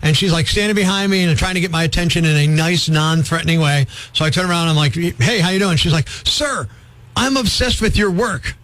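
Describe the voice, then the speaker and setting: A man's voice: fairly high pitch, fast, hardly any pauses, no room sound, low-quality recording. A middle-aged man, a radio morning host telling self-deprecating stories in casual banter. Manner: self-deprecating, animated storyteller. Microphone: studio microphone.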